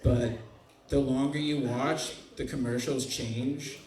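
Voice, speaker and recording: A man's voice: medium pitch, fairly even intonation, slow pace, a little mellow. A man in his twenties doing an awkward, self-deprecating stand-up set in a comedy club. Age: 20s. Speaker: stand-up comic. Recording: echoey club room with crowd.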